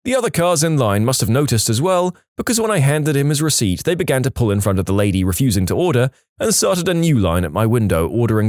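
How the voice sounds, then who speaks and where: Lively man reading reddit stories. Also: medium pitch, no echo, clean studio sound. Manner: lively storytelling, mocking quoted voices. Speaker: narrator.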